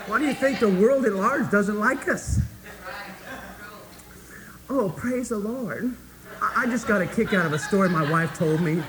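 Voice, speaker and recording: A man preaching a sermon to his congregation, emphatic and folksy, swinging between hushed asides and loud, rising points. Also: high-pitched, a little fast, few pauses, crowd noise, poor audio. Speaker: pastor.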